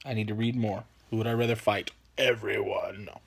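A man hosting a casual vlog Q&A. He talks in a relaxed, rambling way and apologizes often. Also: lowish voice, fairly quick, gravelly, breathy edge. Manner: laid-back, rambling, apologetic, peppers talk with "man". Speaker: channel host answering viewer questions.

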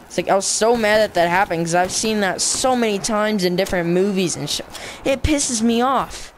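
Brief: chatty young gamer narrating play, excitable, a little noise behind. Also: mid-range voice, moderate pace. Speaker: gameplay commentator. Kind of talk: casual game commentary.

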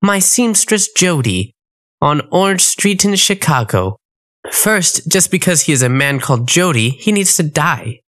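A woman's voice: sits low, sing-song, a little slow, fairly bright tone, full character voice. Vain evil queen, woman reading, petty and scheming, voice swoops up and down. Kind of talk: comic audiobook reading.

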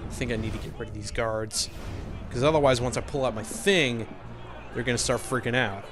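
A man's voice: mid-range voice, a little fast, over music. A young man doing let's play commentary, joking, laughing often and making crude asides as he plays. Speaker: gameplay commentator. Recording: background noise.

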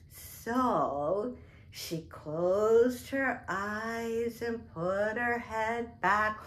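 Her voice a little high, a woman leads a toddler storytime, drawing out words slowly in a sing-song way and exaggerating them for small children.

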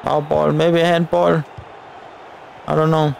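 Somewhat slow and a little high, this man's gravelly voice shows little pitch movement as he commentates live on his football video game. The gaming channel host cheers the players on and talks directly to his audience over a faint hiss or hum.

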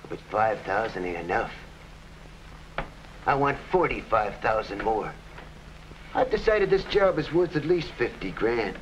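Gloating hard-boiled gangster, lively swinging delivery, 1940s radio acting, dull old recording. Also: male voice, lowish voice, a little slow, pauses often, slight background noise. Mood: mocking. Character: scheming gangster boss Flat Top, grown man.

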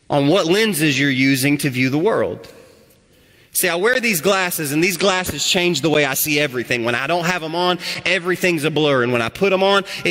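A male pastor preaching a sermon, his voice swinging from loud to hushed. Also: fairly high pitch. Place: church sanctuary. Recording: echoey church hall.

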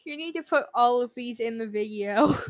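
A woman's voice: fairly high pitch, moderate pace. A woman playing a song-guessing game with a friend, teasing and laid-back. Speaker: quiz game player. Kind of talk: casual chat with a friend.

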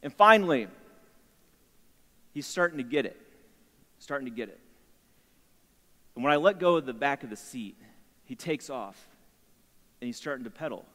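A man in his thirties giving a storytelling sermon in a chapel, animated and acting out the voices of himself and his son. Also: medium pitch, moderate pace, pauses often. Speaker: chapel speaker. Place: university chapel. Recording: long hall reverb.

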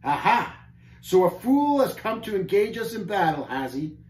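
A man's voice: high-pitched, big pitch swings, normal speed, a little mellow, pitched above the performer's own voice. Storybook brute: a man playing a snarling giant soldier, in a roomy hall. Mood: sneering. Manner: sneering, growling. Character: brutish boastful giant lieutenant. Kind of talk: storybook reading aloud.

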